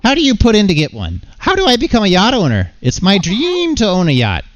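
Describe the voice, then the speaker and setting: A man voicing an eager, shrill character, squeaky and excited. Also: fairly quick, dry recording, full character voice.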